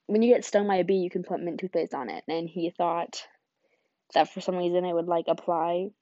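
A woman's voice: fairly low pitch, fairly even intonation, fairly quick, dark tone, no echo, lo-fi sound. Chatty young woman telling stories. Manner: rambling, chatty, lots of fillers; giggly. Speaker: vlogger. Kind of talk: casual storytelling chat.

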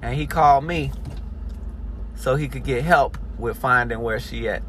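A man telling a story in a casual, animated way, full of swearing. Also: medium pitch, normal speed, a little hiss or hum. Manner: animated, profanity-heavy storytelling.

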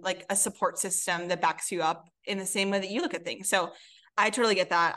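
Young female co-host, mid-pitched, earnest and rambling, casual talk. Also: a bit bright. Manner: earnest, filler-heavy, lots of "like". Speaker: podcast co-host. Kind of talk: casual chat.

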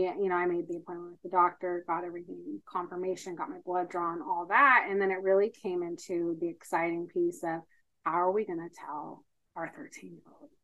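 Podcast guest, woman, 30s, lowish voice, earnest storyteller with lots of fillers. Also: fairly bright tone, rough recording. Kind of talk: casual interview.

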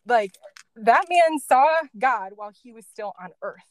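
A woman with a fairly high, animated voice speaks a little slowly, recorded without room sound. Being interviewed about her past as an end-of-life caregiver, she tells a story casually, with plenty of "like" and "um" and small laughs between thoughts.

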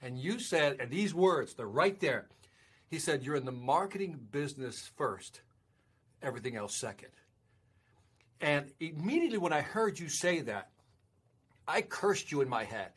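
A man hosting a casual interview, telling an animated story and acting out the quotes. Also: fairly high pitch, moderate pace, pauses often, breathy edge. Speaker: podcast host.

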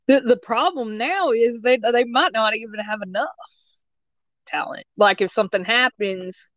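A woman co-hosting a podcast in casual chat, blunt in her opinions and quick to agree and laugh. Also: a little high, a bit bright, no room sound.

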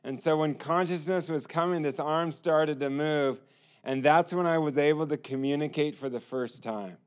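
A man's voice: a little high, moderate pace. A man telling his personal testimony in an earnest storytelling manner, acting out the lines of others. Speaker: testimony speaker.

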